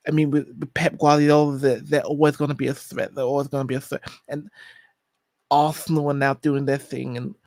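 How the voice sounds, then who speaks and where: A man's voice: mid-range voice, level tone, darkish tone, no room sound, natural voice. A man doing a gushing boxer impression. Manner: repetitive, halting, effusive praise. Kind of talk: impression during casual chat.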